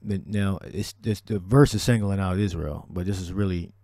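Man preaching on scripture, low mellow voice, dry sound, loose and repetitive. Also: moderate pace, no echo. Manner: repetitive, restarts, scripture-heavy. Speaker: religious teacher. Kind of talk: preaching commentary on a video.

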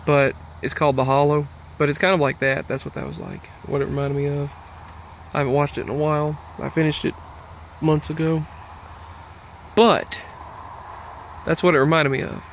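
A man's voice: a little high, normal speed, long pauses, a little hiss or hum. A man talking casually in a rambling monologue, with lots of restarts and trailing thoughts. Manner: meandering, many fillers and restarts.

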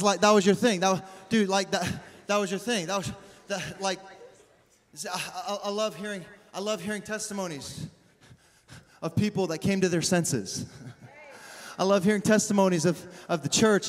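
High-voiced pastor in a big echoing hall. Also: male voice. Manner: energetic, laughing often, builds to shouts; casual slang, acts out quoted voices. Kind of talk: sermon. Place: large church hall. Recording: long reverb of a large hall.

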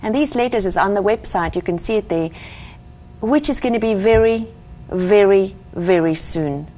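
A woman's voice: mid-range voice, lively intonation, moderate pace, dark tone. A middle-aged woman from Africa, earnestly telling her personal faith story as an interview guest. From South Africa. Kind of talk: personal testimony in conversation.

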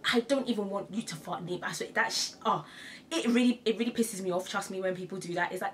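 A woman's voice: medium pitch, fast. A young woman vlogging in a casual, chatty way, laughing often and repeating herself for emphasis. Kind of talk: casual to-camera chat.

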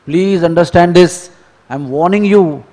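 A man's voice: high voice, a little slow, dark tone. A man playing a stern father who sternly warns grieving women not to cry aloud, in a temple lecture. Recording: long temple hall reverb.

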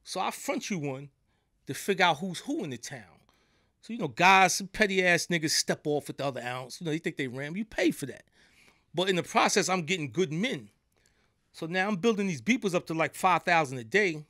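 A man's voice: fairly high pitch, lively intonation, brisk, pushed and bright, no room sound, clean studio sound. New York man telling street stories. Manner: streetwise slang, keeps asking "you know what I'm saying". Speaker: podcast guest. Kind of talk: casual storytelling. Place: podcast studio.

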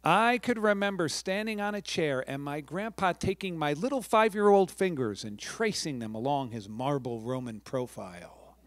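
A man's voice: fairly high pitch, animated, normal speed, few pauses, dry recording. A middle-aged man from New York, a professional storyteller giving a chatty talk to a live audience, with friendly asides and restarts.

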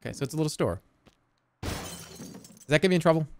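A man's voice: a little high, animated, fairly quick, a little hiss or hum. A man streaming a game, chatting casually in a rambling, stammering way with plenty of swearing. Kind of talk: casual chat while gaming.

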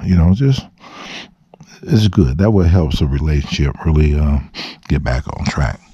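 A man's voice: rumbling low, lively intonation, measured pace, dark tone, slightly rough, no echo, lo-fi sound. A man telling a long, profane personal story in a casual vlog, often voicing quotes. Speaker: vlogger. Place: dark room.

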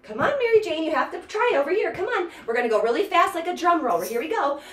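A woman's voice: very high voice, sing-song, fast talker, reverberant, heavy background noise. A woman teaching a toddler music class, counting rhythms and chanting in a bouncy sing-song way. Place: indoor room, sitting on floor.

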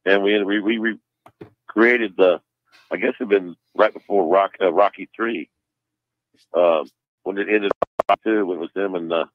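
A man calling in to a radio show, telling a rambling, halting story. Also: deep voice, fairly even intonation, dry recording. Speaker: phone-in guest. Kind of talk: casual chat. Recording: tinny phone line.

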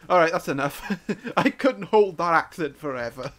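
A young man hosting his gameplay channel, upbeat, excitable and quick to giggle. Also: fairly high pitch. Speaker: gaming channel host. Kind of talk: gameplay commentary.

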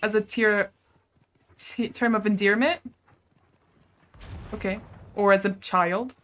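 A woman's voice: mid-range voice, fairly even intonation, slow pace, fairly bright tone. A young woman streaming a game, chatting casually and giggling with her viewers, swearing now and then. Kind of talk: casual live-stream chat while gaming.

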